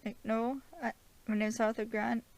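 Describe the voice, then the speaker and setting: Casual: woman doing a nervous stammery young dude, high and flustered. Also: little pitch movement, normal speed, no room sound, lightly acted.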